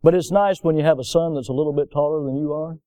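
A man preaching a sermon, telling folksy stories and swinging between loud emphasis and softer passages. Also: a little high, steady tone, fast, no room sound. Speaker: pastor.

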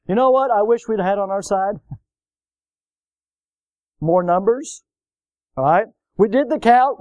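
Guy preaching, high pitched, folksy and animated, keeps asking "all right?". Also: normal speed, dry recording. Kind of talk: sermon with storytelling.

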